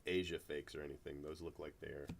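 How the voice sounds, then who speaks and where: A man's voice: a bass voice, level tone, fairly quick, creaky, a little hiss or hum. Rambling middle-aged man telling stories. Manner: rambling, storytelling with restarts. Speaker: card break host. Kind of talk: casual chat while opening cards.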